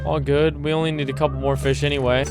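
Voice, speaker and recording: A young man commentating and narrating a horror game, excitable and slangy, swearing often. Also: a little high, quick pace, faint music behind. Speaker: gaming YouTuber.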